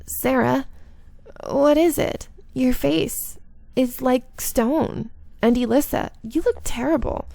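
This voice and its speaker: A gentle, frail young woman, as a woman reads her lines for a visual novel. The voice is high, with a crackle of fry. It is recorded close and dry. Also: slow pace, no room sound, full character voice. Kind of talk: reading a visual novel aloud.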